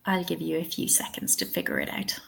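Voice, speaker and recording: Woman, webinar trainer, lowish pitch, encouraging, frequent check-ins, computer mic. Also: wildly swooping pitch, a little fast, vocal fry, fairly bright tone. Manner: encouraging, checks in with "okay?" and "yeah?". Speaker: TEFL trainer. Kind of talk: webinar teaching.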